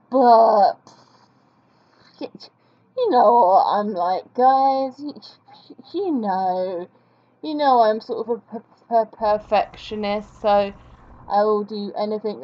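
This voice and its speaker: A woman chatting casually as she draws on screen, self-deprecating and humming along while she works. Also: a little high. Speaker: vlogger drawing on screen. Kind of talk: casual commentary while drawing. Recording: dull lo-fi recording.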